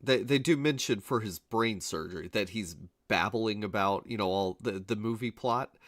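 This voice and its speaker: Man, podcast co-host, somewhat low voice, dry sound, relaxed chat. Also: moderate pace, dry recording. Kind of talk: casual film discussion.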